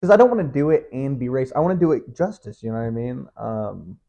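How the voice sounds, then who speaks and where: This podcast host is a young man with a medium-pitched, creaky, mellow voice that moves in a quick sing-song. His casual monologue wanders, full of profanity, self-interruptions and frequent laughs, captured in dull lo-fi audio.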